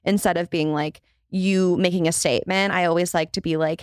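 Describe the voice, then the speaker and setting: A woman's voice: fairly low pitch, fairly even intonation, fairly quick, few pauses, no echo, clean studio sound. A woman hosting a podcast, upbeat and giggly, chatting casually and then reading the outro. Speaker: podcast host. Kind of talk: casual chat and show outro.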